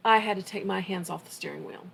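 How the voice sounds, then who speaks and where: A woman's voice: mid-range voice, fast, gravelly, a bit bright, slight background noise. A middle-aged woman co-hosting a podcast, telling stories in a casual, anecdotal way. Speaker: podcast co-host. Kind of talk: casual conversation.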